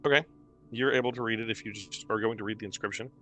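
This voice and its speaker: A man running a tabletop game as game master. He narrates the scene haltingly and trails off with fillers. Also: on the low side, steady tone, fairly bright tone, faint music behind.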